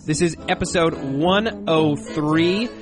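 A man with a high, light voice co-hosting a chatty after-show podcast. He talks in a playful, jokey way and gets excitable, with faint music underneath. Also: takes it slowly. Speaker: podcast co-host. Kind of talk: casual chat.

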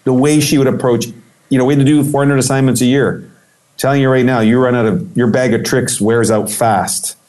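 Here the pace is fairly quick and the pitch medium. In a casual interview, the middle-aged photographer guest tells a long tale full of life, acting out the voices of the people in it with animated storytelling.

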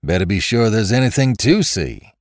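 A man voicing a stolid farmer husband who speaks with gruff scorn. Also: lowish voice, sing-song, moderate pace, no echo, studio quality, pitched above the performer's own voice. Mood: scornful.

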